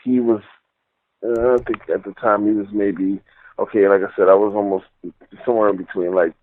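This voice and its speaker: Deep-voiced man on a phone line. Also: flat delivery, normal speed, slight background noise. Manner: rambling, many fillers like "you know" and "like". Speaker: caller telling a personal encounter story. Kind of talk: casual storytelling.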